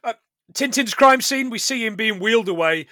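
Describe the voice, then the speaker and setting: A man's voice: high-pitched, animated, normal speed, sharp tone, dry recording, clean studio sound. A man recapping a film with a co-host in casual, sweary chat, laughing often as he tells the story. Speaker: podcast co-host.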